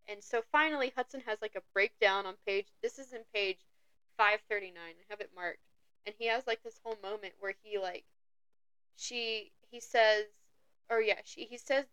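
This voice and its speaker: A woman co-hosting a podcast, chatting excitably about a book and acting out lines in little voices. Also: medium pitch, normal speed, clear, resonant tone, no room sound, low-quality recording. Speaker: podcast co-host. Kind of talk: casual book discussion.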